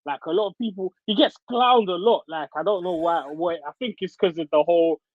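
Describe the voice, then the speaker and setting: A man's voice: high voice, fairly quick, dry recording. Man on a dull, dry podcast line. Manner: relaxed, says "like" and "man". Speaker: podcast guest. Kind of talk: casual sports chat.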